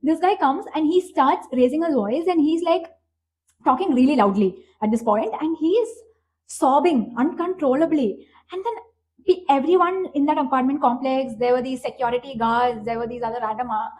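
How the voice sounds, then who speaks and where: A young woman with an Indian English accent tells a casual storytime with a high, bright voice. She is animated, swears freely and keeps restarting her sentences with fillers. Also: normal speed, slight background noise, rough recording. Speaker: vlogger.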